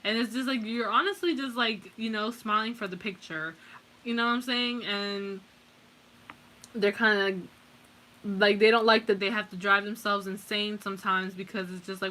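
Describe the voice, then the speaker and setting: A woman's voice: mid-range voice, fairly even intonation, moderate pace, sharp tone. A young woman doing a casual tarot reading, rambling and swearing freely, with lots of fillers. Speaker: tarot reader.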